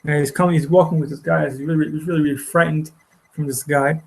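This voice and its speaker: A man teaching a class, retelling a story in a halting way with many repeated words and restarts. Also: on the high side, steady tone, vocal fry, rough recording. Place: study hall.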